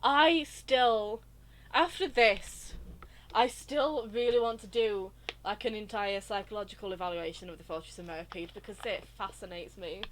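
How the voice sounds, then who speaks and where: A woman streaming a game, chatting casually in a gushing, rambling way. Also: fairly high pitch. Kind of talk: casual live-stream chat over gameplay.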